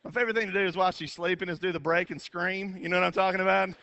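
A man telling a comic story on stage, animated, with quick asides and sudden shouted bursts. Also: high voice, gravelly. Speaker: comedian. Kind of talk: storytelling stand-up.

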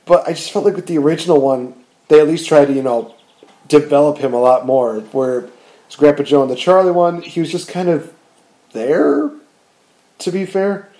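A man chatting casually about movies, rambling and animated, with frequent fillers and restarts. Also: fairly high pitch, normal speed.

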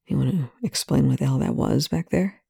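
A reader voicing a gruff male military colonel in a fan fiction reading, quiet and hesitant, with a lowered voice. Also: expressive, brisk, no echo, full character voice.

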